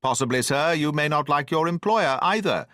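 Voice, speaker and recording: Guy reading a touchy bossy squire, brisk and lordly, audiobook, lively up and down voice. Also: a little high, no room sound, clean studio sound, voice pushed up. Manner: brisk, commanding, quick to take offence.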